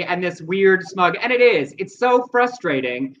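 A man's voice: high voice, sing-song, normal speed, fairly bright tone, muffled recording, a little hiss or hum. A man co-hosting a casual news commentary show, earnest and explanatory as he reads news items aloud. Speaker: podcast co-host.

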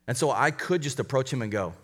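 A man who is a college pastor, preaching a conversational sermon with quick asides and light humor. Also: mid-range voice, expressive, a bit bright, long reverb tail.

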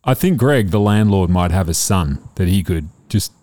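A man's voice: deep voice, animated, moderate pace, darkish tone. A man, a father hosting a casual family podcast and joking with his kids. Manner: playful, teasing, jokey.

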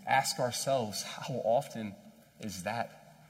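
A man preaching a sermon in a conversational, animated storytelling way, with self-deprecating asides. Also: mid-range voice, takes it slowly. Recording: long hall reverb.

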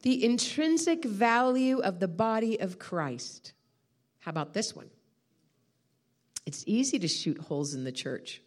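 A woman's voice: medium pitch, lively intonation, a little slow. A woman preaching a sermon, telling a personal testimony with heartfelt emotion. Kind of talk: storytelling sermon.

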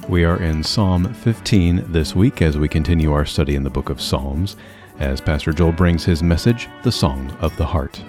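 A male announcer reading a scripted intro to a church message, in a steady, measured way. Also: a bass voice. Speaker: show announcer. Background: soft music.

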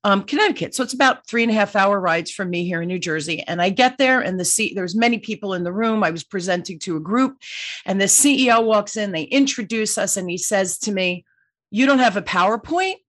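A woman's voice: medium pitch, a little fast, fairly bright tone. A woman, a sales coach, telling a story in conversation, emphatic and full of "right?" asides.

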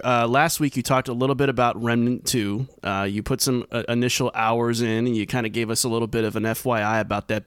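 A man's voice: mid-range voice, dry recording. Dry, steering male podcast host. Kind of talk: casual chat.

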